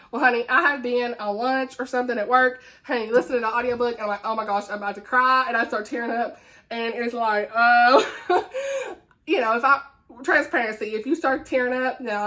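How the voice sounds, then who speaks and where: A woman's voice: fairly high pitch, bright, forceful tone. A young woman book vlogger chatting casually, laughing often and calling her viewers honey and y'all. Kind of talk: casual chat answering a tag.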